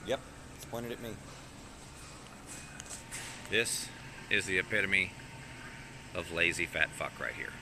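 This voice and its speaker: A man's voice: low voice, takes it slowly, pauses often. A man live-streaming while he shops, talking casually and rambling with plenty of swearing. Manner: rambling, profane, jokey. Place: shop aisles indoors. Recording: noisy shop background.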